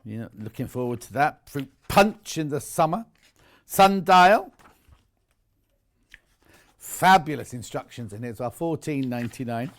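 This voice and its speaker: A man's voice: mid-range voice, lively intonation, measured pace, pauses often. A middle-aged man presenting products live on a home shopping channel, chatty, enthusiastic and jokey about himself.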